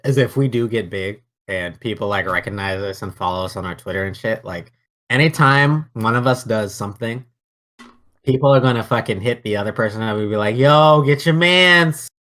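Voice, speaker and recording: Young man, bright tense voice, animated and profane, podcast co-host. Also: fairly low pitch. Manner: animated, profane, quick to act out quotes. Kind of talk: casual chat.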